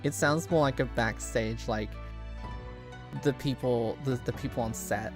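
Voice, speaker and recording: A woman's voice: a bass voice, unhurried. A young woman streamer chatting casually over gameplay, laughing often and trailing off into fillers. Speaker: let's-play streamer. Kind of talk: casual gameplay commentary and reading game lines aloud. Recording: music playing under the voice.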